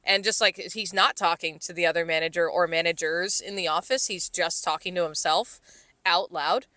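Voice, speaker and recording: A woman co-hosting a casual podcast, telling workplace and home stories in a loose, meandering way full of filler words. Her voice is bright and forceful, set close and dry against the mic. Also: lowish voice, moderate pace, no echo. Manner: rambling storyteller, heavy "like" fillers, laughs often. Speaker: podcast co-host. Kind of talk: casual chat.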